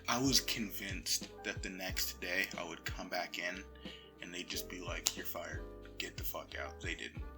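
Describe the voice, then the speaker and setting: A young man with a lowish but bright, forceful voice tells a casual story into his phone. His retelling is loose and full of swearing, and it keeps slipping from loud bursts into low murmurs and near whispers. Faint music plays behind him. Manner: profane, animated retelling that drops to murmurs and whispers.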